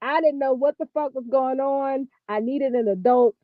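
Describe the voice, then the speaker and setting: A woman giving casual gossip commentary on a vlog, talking in an animated, profane, exasperated ramble. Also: high voice, normal speed, no echo, phone-quality sound. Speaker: vlogger.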